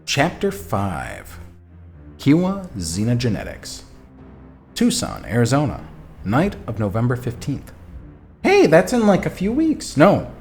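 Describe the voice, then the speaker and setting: A man streaming a text adventure, reading the story aloud and talking back to his chat, animated and quick to swear. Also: medium pitch, gravelly, faint music behind. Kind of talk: reading a game aloud and chatting with viewers.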